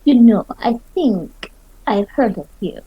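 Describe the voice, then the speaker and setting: A woman's voice: a little high, lively intonation, takes it slowly, breathy edge, no room sound, muffled recording. A woman playing a tabletop game, speaking in character in a playful, mocking way. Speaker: player.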